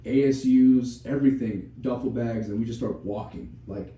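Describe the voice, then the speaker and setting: A podcast co-host tells a rambling, profane story, sprinkling in lots of "you know" asides, in a dark-toned, medium-pitched voice that stays steady at a normal speed. The casual chat is recorded in a roomy space on a distant mic with a faint hum.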